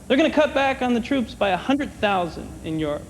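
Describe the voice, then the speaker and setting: High-voiced man doing stand-up in a hall. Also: very animated. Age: older than 30. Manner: wry, conversational, acts out quick bits in other voices. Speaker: stand-up comedian. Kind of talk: stand-up comedy set. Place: comedy club stage, audience present. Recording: long hall reverb, clear room noise, 1990 TV taping.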